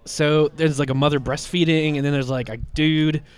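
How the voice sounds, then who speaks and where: A man's voice: fairly high pitch, steady tone, a little fast, smooth. A man with a slight cold, co-hosting a comic book podcast and retelling a story in casual chat, rambling with lots of fillers and restarts.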